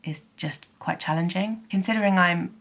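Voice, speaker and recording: A woman's voice: fairly low pitch, moderate pace, a bit bright. A woman in her thirties vlogging at home in a chatty, self-deprecating way, sometimes dropping to a whisper. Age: 30s. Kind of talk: casual vlog chat.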